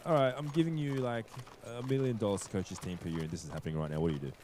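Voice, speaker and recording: Low-voiced guy calling esports play-by-play, super quick, bouncy delivery. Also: a little hiss or hum. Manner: excitable, quick, laughs easily. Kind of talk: fast play-by-play commentary.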